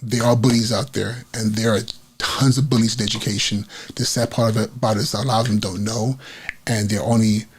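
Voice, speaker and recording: Telling a monologue on his podcast, this host, a school principal, relives an episode from his educating career, voicing the quoted lines and often starting over. His voice runs on the low side, brisk and fairly even, with a breathy edge.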